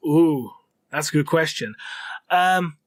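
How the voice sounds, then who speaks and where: A man co-hosting a lore livestream, talking in a relaxed, jokey way with lots of fillers. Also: fairly high pitch, slow pace, dry recording, studio quality. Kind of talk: casual livestream chat.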